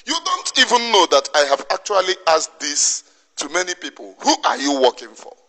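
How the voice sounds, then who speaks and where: Man, Nigerian Igbo accent, high lively pitch, bright tone, emphatic scolding monologue, long reverb. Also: normal speed. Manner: emphatic, repetitive, preachy scolding. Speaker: activist commentator. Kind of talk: impassioned monologue.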